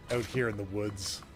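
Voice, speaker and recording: A man playing a strategy game with friends in casual let's-play chat, laughing often, swearing freely and muttering his moves aloud. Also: on the low side. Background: game music.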